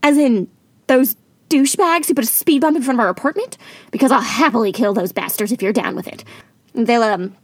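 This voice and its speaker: A woman's voice: a little high, fairly quick, no echo. Ditzy wannabe-starlet sister played by a woman, fake American accent, theatrical comedy audio drama. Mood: flippant. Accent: put-on American. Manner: ditzy, theatrical, self-absorbed.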